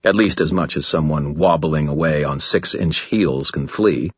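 Low husky guy narrating a story, dry sarcastic humor, kinda dull audio. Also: moderate pace, dry recording. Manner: wry, dry-humored, self-mocking. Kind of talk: first-person audiobook narration.

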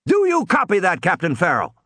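A man voicing a stern middle-aged lawyer who threatens forcefully over a phone in an audiobook. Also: high voice, huge pitch swings, fairly quick, husky, dry recording, voice pushed up, exaggerated voice. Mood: threatening.

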